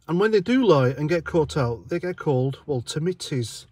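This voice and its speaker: Blunt British ex-soldier, dry close mic. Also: male voice, a little high, expressive, normal speed, a little mellow, breathy edge, no echo. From United Kingdom. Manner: blunt, sarcastic, often laughing. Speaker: army veteran vlogger. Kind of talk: opinionated casual monologue.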